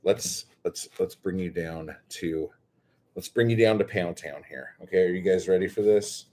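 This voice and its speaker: A man unboxing a new stapler in a casual vlog, excitable and gushing, often breaking into exclamations. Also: deep voice, normal speed. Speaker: poet and chapbook maker.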